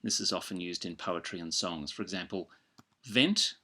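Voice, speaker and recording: Male language teacher, lowish pitch, bright forceful tone, patient and clear. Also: steady tone. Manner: patient, spells out sounds slowly with example words. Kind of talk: instructional narration.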